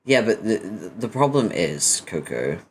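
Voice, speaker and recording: A British man bantering casually with his listeners, teasing and swearing freely. His pitch moves around in a lively, animated way. He breaks off his reading to talk to his audience. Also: measured pace, a little hiss or hum. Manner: teasing, profane, banter with chat. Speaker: webcomic reader and streamer. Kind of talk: casual chat.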